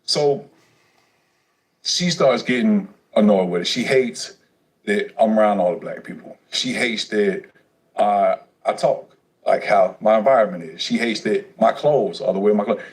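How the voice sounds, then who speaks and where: A man's voice: on the low side, measured pace, poor audio. Profane streetwise man telling stories. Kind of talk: casual livestream storytelling.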